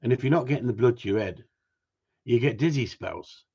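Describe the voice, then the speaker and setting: A man chats to his livestream audience in a joking, teasing way, laughing often between lines. His voice sits at a middle pitch for a man. The stream audio sounds dull and lo-fi. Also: expressive, brisk, dark tone, slightly rough. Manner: joking, banters with chat, frequent laughs. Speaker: livestream host. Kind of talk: casual livestream chat.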